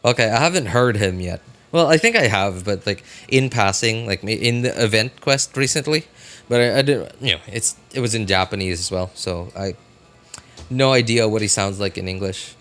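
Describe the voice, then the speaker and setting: A man's voice: fairly low pitch, moderate pace, a bit bright. A man streaming a live reaction, chatting casually and rambling with many fillers and restarts.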